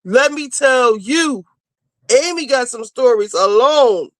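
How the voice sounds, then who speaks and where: A woman hosting a casual livestream, chatting to viewers and getting loud and teary with excitement over new supporters. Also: fairly high pitch, slow, no room sound. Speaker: livestream host.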